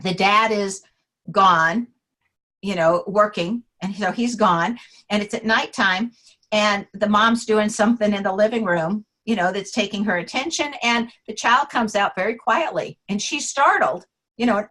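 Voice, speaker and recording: A woman interview guest, an author on names, telling anecdotes in a lively way, acting out the quotes and laughing often. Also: medium pitch, moderate pace, low-quality recording. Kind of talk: casual storytelling interview.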